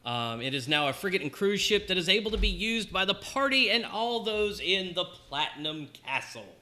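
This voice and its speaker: A man's voice: high-pitched, very animated, normal speed, sharp tone. A man narrating as game master in a tabletop game, casual and rambling with many ums.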